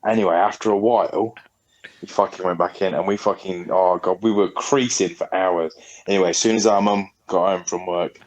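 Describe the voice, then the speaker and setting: A man's voice: deep voice, steady tone, fairly quick, darkish tone, low-quality recording. A man, a podcast co-host telling a story in a rambling, sweary, casual way. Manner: rambling, sweary, laughing often.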